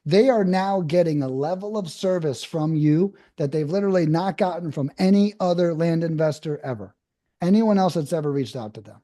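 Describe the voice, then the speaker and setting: A man's voice: fairly high pitch, normal speed, dark tone. A man, a podcast guest and land investing coach, explaining his method and acting out friendly phone scripts.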